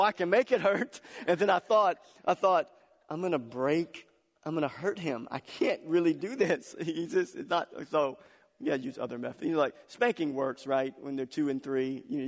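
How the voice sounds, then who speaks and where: A man preaching a sermon as pastor, telling family stories with laughter and swinging between loud, excited passages and soft, hushed ones. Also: on the high side, normal speed. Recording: long hall reverb.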